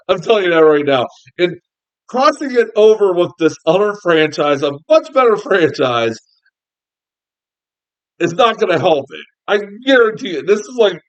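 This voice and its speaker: A man's voice: high-pitched, very animated, moderate pace, poor audio. A man giving a casual, exasperated film review, swearing often and laughing between complaints.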